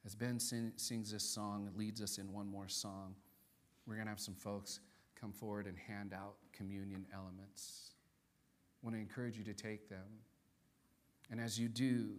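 A man preaching as pastor in a church service, rising to loud, animated peaks and dropping soft for solemn points. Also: lowish voice, normal speed, faint music behind. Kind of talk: sermon. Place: church sanctuary during a service.

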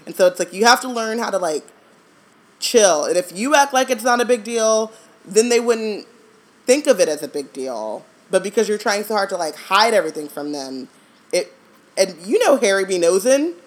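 A woman's voice: medium pitch, lively intonation, normal speed. Chatty woman co-hosting a book podcast. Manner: chatty, laughs often, trails off and restarts. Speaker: podcast co-host. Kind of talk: casual chat.

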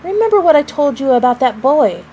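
A woman voicing an anxious, gentle mother who pleads in a hushed way. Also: sits high, very animated, fairly quick, dull audio, a little hiss or hum, voice pushed up. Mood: pleading.

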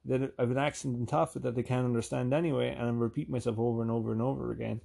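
A man from Ireland with a softened Irish accent, rambling through a casual, profane, self-deprecating vlog monologue. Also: mid-range voice, flat delivery, very fast, vocal fry. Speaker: vlogger.

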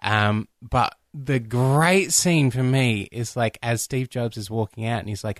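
Aussie guy on a film podcast, excited, does little voices for the quotes, dry close mic. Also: measured pace, hardly any pauses, no echo. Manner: enthusiastic, acts out quoted lines in a lowered voice. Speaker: podcast co-host. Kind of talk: casual film discussion.

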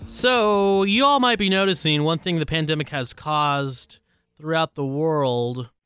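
A man hosts his own talk show, talking through his opinions in a loose, conversational way with plenty of asides and restarts. His voice is bright and sits somewhat high for a man. Faint music plays underneath him. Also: a little slow. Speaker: radio-style show host.

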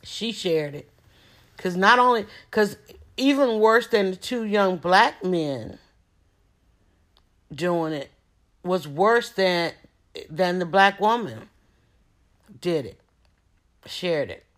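A woman in a casual monologue, talking in an emphatic, informal way and hammering her points home by repeating them. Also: mid-range voice. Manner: emphatic, repetitive preaching tone; informal, slangy talk. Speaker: small business owner.

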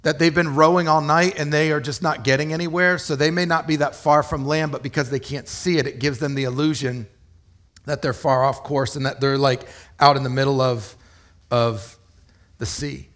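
A man gives a sermon in a relaxed, conversational way. He explains the scripture plainly and often turns to the listeners with rhetorical questions. His voice sits fairly high for a man. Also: normal speed. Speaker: pastor.

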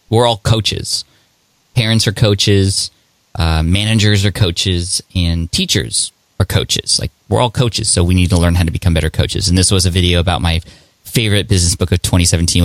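A man hosting a podcast interview, talking in a conversational, halting way with many fillers. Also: low voice, no room sound. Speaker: podcast host. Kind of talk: casual interview.

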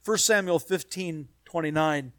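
A man's voice: fairly high pitch, measured pace, dry recording. Man, pastor, sermon, emphatic, repetitive rhythm, dry close sound. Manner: emphatic preaching in rising repeated phrases, dropping to quiet asides.

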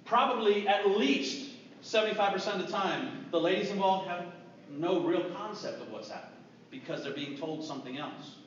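A man's voice: high-pitched, normal speed, a little hiss or hum. Earnest man preaching in an echoey church. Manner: earnest storytelling preacher, drops to a hush for grave moments. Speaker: pastor. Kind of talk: sermon. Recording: distant, echoey, dull church recording.

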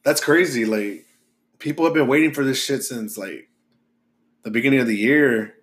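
This podcast co-host has a medium-pitched, fairly bright voice and talks at a moderate pace. He chats casually, with plenty of fillers and swearing.

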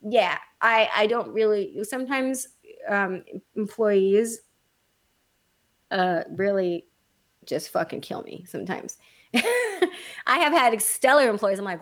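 A woman on a casual podcast chat, blunt and profane, telling animated stories about her employees. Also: mid-range voice, unhurried, pauses often. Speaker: podcast co-host, salon owner.

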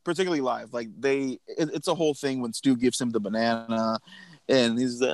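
A man's voice: mid-range voice, steady tone, a little fast, no echo. A man in casual music talk who chimes in playfully and laughs often.

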